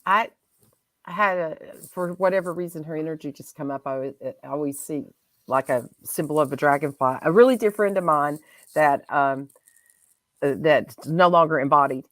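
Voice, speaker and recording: Gentle, low-voiced woman host. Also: normal speed, dry recording. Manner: gentle, reflective, heartfelt. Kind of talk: casual spiritual chat.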